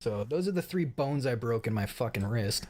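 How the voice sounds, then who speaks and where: A man's voice: medium pitch, animated, normal speed, darkish tone. A man around thirty giving a casual, rambling stream update, swearing often and laughing at his own stories.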